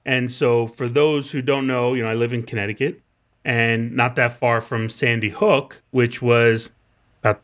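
A man's voice: medium pitch, fairly even intonation, measured pace, fairly bright tone. A man co-hosting a podcast, chatting casually and laughing easily at his own stories. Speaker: podcast co-host. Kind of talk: casual chat.

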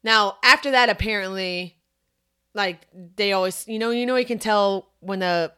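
A young woman co-hosting a podcast, telling a story in casual chat, animated and profane. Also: medium pitch, moderate pace, clear, resonant tone. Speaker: podcast co-host.

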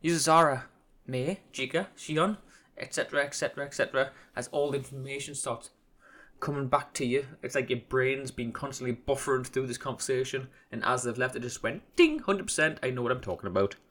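A man's voice: medium pitch, steady tone, quick pace, a bit bright. A man hosting a casual solo podcast, rambling and self-deprecating, with hesitations and restarts. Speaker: podcast host.

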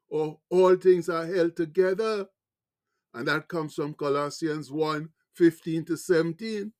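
Slow, emphatic high-voiced male preacher. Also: steady tone, darkish tone. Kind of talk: sermon.

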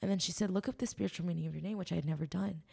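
Speaking rapid-fire in a low, dark, creaky and slightly rough voice, a woman guest on a podcast tells an earnest, emotional testimony of faith. She rambles, leaning heavily on ums and likes.

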